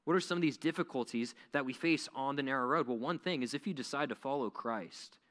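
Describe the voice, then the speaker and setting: A man preaching a youth sermon in a casual, animated way, full of "like" fillers. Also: medium pitch, a little fast. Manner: conversational, animated, many "like" fillers. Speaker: youth pastor. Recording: echoey hall reverb.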